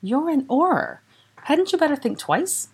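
Woman putting on a brisk, bookish young witch. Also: sits high, big pitch swings, darkish tone, pitched above the performer's own voice, heavily acted. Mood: earnest.

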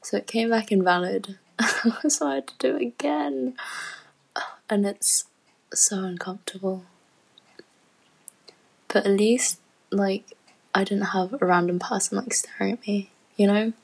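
Breathy, slow-talking girl chatting. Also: medium pitch, a little mellow, low-quality recording. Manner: giggly, rambling, many fillers, often drops to a breathy near-whisper. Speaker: student podcaster. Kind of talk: casual rambling chat. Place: at home.

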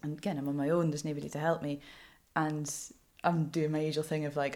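A Scottish woman journalist talking frankly in an interview, animated and laughing often. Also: sits low, fast, hardly any pauses. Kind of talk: candid interview storytelling.

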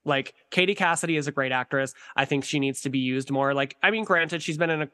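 A man chatting as a podcast guest, excitable and laughing often, with casual swearing. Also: on the high side, fast talker. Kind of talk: casual chat.

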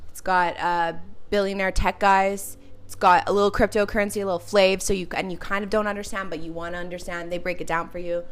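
A woman's voice: mid-range voice, flat delivery, brisk. A woman co-hosting a podcast in casual chat, laid-back, with many fillers and sentences that trail off. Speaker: podcast co-host.

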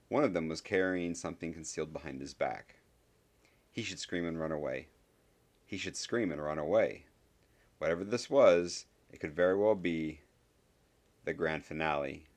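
A man reading a novel aloud as an audiobook narrator, in a measured, dry storytelling manner. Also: low voice. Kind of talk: scripted narration.

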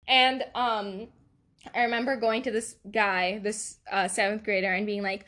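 A young woman with a slightly high voice chats her way through a solo podcast. She rambles through asides, laughing often as she tells her stories. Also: unhurried, fairly bright tone. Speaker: podcast host. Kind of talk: casual confessional chat.

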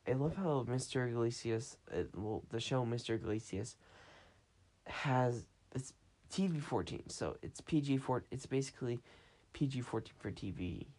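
A man's voice: medium pitch, animated, moderate pace, darkish tone. A man hosting a casual podcast, retelling a story in a rambling way with many restarts, recorded on a phone. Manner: meandering, full of restarts and acted quotes. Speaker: podcast host.

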